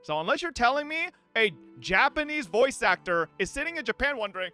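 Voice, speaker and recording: A male streamer rants to his chat in a high, bouncy voice that swings all over. He is profane and quick to laugh, and his tone is bright and forceful. Faint music plays underneath. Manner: animated, profane, laughs often, addresses chat. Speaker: streamer reacting to clips. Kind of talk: casual live-stream commentary.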